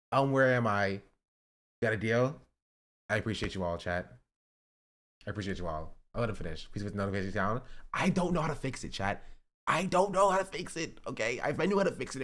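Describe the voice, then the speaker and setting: Young man, livestream chat, lively up-and-down pitch, pleading, repetitive. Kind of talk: casual live-stream chat.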